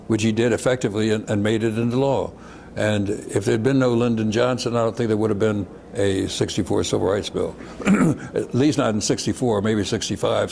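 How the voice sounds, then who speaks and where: A man's voice: on the low side, vocal fry, a little mellow, a little hiss or hum. An older man reminiscing as a guest speaker, telling stories over slides and often repeating words for emphasis.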